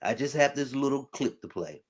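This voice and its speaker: A man on a casual podcast who keeps chiming in with short, playful interjections. His voice sits at an ordinary middle pitch. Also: expressive, normal speed, slight background noise. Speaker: podcast co-host.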